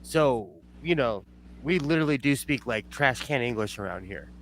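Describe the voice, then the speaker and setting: Lively Southern Californian man. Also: mid-range voice, moderate pace, slight background noise. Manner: animated, laughs often. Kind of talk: casual group chat.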